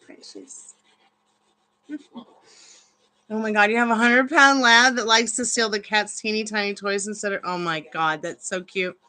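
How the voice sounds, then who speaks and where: A woman's voice: mid-range voice, steady tone, brisk, hardly any pauses, sharp tone. A woman chatting casually on a live stream from her home, rambling between stories and cooing baby talk at her dogs. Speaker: tarot reader and live streamer.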